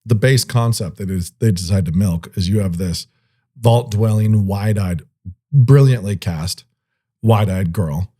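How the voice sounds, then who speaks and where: Playful, low-voiced man co-hosting a podcast. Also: unhurried, dark tone, slightly rough. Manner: playful, makes goofy bass sounds and laughs often. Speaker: podcast co-host. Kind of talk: casual chat.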